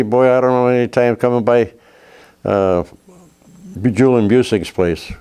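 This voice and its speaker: A man's voice: medium pitch, fairly even intonation, normal speed, pauses often, dark tone, clear, resonant tone. An older man, a former racer, telling stories in a casual interview, swearing freely and laughing as he goes. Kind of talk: casual storytelling.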